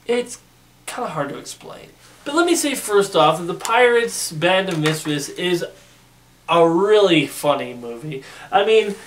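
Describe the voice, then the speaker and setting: A film reviewer giving a casual spoken movie review, rambling with frequent restarts and repeated "you know". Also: medium pitch. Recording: distant mic with faint hiss.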